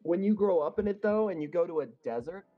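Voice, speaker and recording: A man's voice: high voice, expressive, fast talker, muffled recording, faint music behind. A young man chatting casually with friends during a game, wry and fond of telling stories. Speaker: gamer in voice chat. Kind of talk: casual chat.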